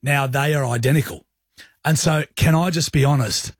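A man's voice: on the high side, moderate pace, slightly rough, no room sound. A young man with an Australian accent, co-hosting a radio show in casual, rambling, self-deprecating banter from a studio. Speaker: radio co-host.

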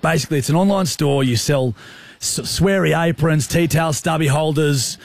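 A man's voice: on the high side, moderate pace, gravelly, no echo, clean studio sound. A young man with an Australian accent, hosting a radio show with teasing, joking banter. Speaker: radio host. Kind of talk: casual on-air banter.

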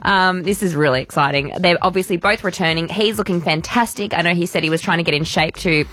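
A woman's voice: fairly low pitch, quick pace, a bit bright, no echo. A woman co-hosting a radio show, chatting and laughing through entertainment news. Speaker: radio co-host. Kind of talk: casual entertainment news chat.

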